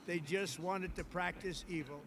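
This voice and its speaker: A man delivering a formal televised address as a head of state, his voice pitched high. He is emphatic and keeps repeating his points. Faint noise sits under the clip. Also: steady tone, normal speed, vocal fry, a bit bright. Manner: repetitive, emphatic.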